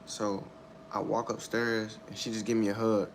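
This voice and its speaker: A young man giving a candid personal account in a halting, repetitive, subdued way, circling back over his words. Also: fairly low pitch, flat delivery, slight background noise. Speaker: storyteller sharing a personal loss.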